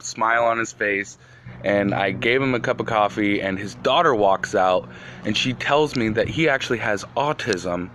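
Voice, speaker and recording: A man's voice: on the low side, a bit bright, a little hiss or hum. A man telling a casual storytime about a neighbor, sincere and heartfelt. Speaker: storyteller recounting meeting a neighbor. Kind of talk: casual storytime to phone camera.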